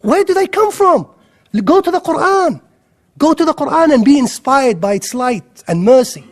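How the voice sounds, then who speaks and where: A man giving an impassioned Islamic lecture, excitable and firing rhetorical questions at his audience. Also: very high-pitched, normal speed.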